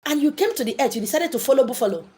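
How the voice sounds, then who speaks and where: A woman's voice: high voice, lively intonation, very fast, darkish tone. A woman hosting a spiritual livestream and answering viewer questions, talking emphatically and repeating phrases to drive her points home. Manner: emphatic, preachy, repeats lines for stress. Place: indoors, live streaming.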